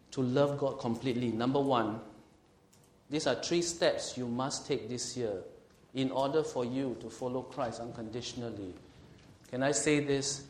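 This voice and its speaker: A male pastor preaching an emphatic sermon. He slows and swells on scripture and asks the congregation questions. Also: mid-range voice, slight background noise. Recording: roomy hall echo.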